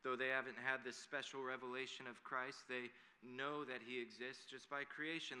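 A man's voice: mid-range voice, sharp tone. A man preaching a sermon in an earnest way that builds to emphatic declarations. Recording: long hall reverb.

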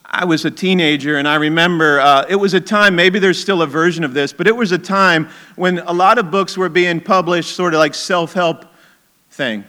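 A man's voice: on the high side, normal speed, bright, forceful tone. A middle-aged man preaching a sermon as a pastor, conversational and emphatic, with chuckling asides.

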